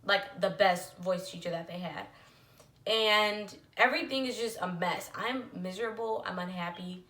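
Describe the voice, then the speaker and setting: A woman's voice: mid-range voice, moderate pace, fairly bright tone, roomy sound. A young woman telling a personal story to camera in a candid, emotional way, with lots of "like" and "literally". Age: young adult. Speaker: vlogger.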